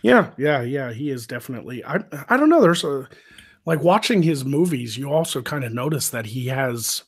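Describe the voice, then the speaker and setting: A man's voice: medium pitch, animated, normal speed, husky. A man hosting a live stream, telling stories loosely with lots of swearing and laughter. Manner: loose, profane storytelling with frequent laughs. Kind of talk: casual chat.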